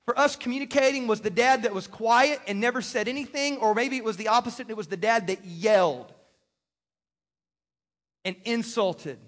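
A man's voice: extremely high pitch, moderate pace, fairly bright tone. A man preaching a sermon as a pastor, talking in a conversational way with joking asides to the congregation. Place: church stage in a large hall. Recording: long hall reverb.

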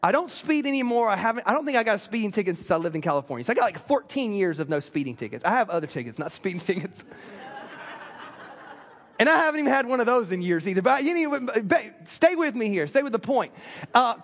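A man's voice: high-pitched, sing-song, fast talker. A man preaching a sermon as pastor, telling stories with joking asides. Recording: long reverb of a large hall.

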